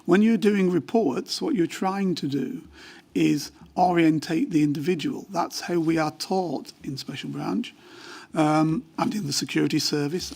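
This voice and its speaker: A man's voice: a little high, vocal fry, a little mellow. An older man, a former police officer, testifying at a formal hearing in a matter-of-fact way and explaining at length. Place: inquiry hearing room.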